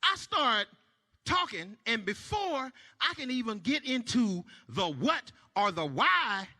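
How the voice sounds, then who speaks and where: A man performing a stand-up comedy set, shouting his punchlines and dropping to low mumbled asides. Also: very animated, slow pace. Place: church stage before a live audience. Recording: long hall reverb.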